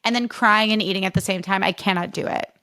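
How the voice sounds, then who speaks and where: A woman's voice: medium pitch, quick pace. Chatty young woman hosting a podcast. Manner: chatty, animated, self-deprecating, jumps into funny voices. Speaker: podcast host. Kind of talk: casual solo podcast chat.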